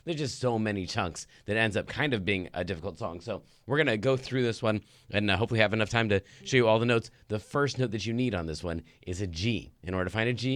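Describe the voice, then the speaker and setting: Hoarse upbeat man teaching piano. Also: on the low side. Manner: upbeat, explanatory, chatty. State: hoarse, lost voice. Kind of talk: live online kids' piano lesson.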